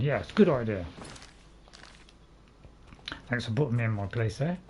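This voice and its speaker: A man's voice: medium pitch, expressive, unhurried, darkish tone, a little hiss or hum. A man hosting a casual let's-play, rambling and chatting to his viewers as he plays. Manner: rambling, self-admitted waffler; chatty, talks to viewers in chat. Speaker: gaming channel host.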